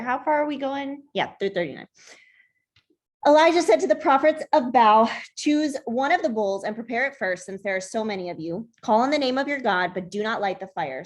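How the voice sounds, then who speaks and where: A young woman leading a Bible study group, reading a scripture passage aloud in a plain voice and stumbling over unfamiliar names. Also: medium pitch.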